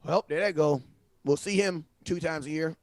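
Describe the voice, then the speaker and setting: A man hosting a live stream from home, talking sports in loose, animated slang. His voice sits a bit high, and he repeats phrases as he reacts. The sound is dry and close. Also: normal speed, dry recording. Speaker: livestream host. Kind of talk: casual sports commentary. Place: home livestream setup. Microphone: phone.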